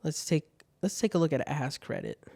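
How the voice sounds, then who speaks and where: Chill guy going through bad jokes, swears a lot, dry close mic, kinda high voice. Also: moderate pace, a little mellow, slightly rough, no room sound. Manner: laid-back, swears freely, laughs at bad jokes. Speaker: podcast host reading viewer questions. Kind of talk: casual solo chat.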